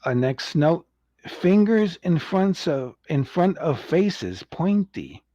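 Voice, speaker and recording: A man's voice: on the high side, big pitch swings, slow pace, dark tone, no echo. A man hosting a casual livestream review. He rambles, chuckles often and acts out quotes. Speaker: show host reviewing an animated series. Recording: dull lo-fi, dry sound.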